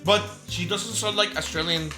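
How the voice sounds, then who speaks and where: A man's voice: high voice, steady tone, moderate pace. A man from Mexico chatting casually on a live stream, laughing often, wandering into tangents and swearing freely. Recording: echoey room with game music.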